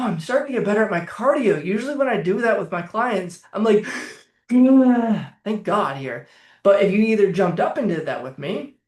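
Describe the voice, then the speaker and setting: A man speaking as a coach in a casual, energetic way, swearing freely as he leads listeners through guided exercises. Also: high-pitched, reverberant. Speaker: trauma coach.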